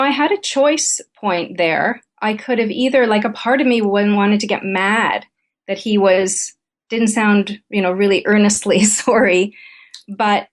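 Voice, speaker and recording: A middle-aged woman, a therapist and author, candidly telling a personal story as a guest in an interview. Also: medium pitch. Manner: candid, conversational anecdote telling.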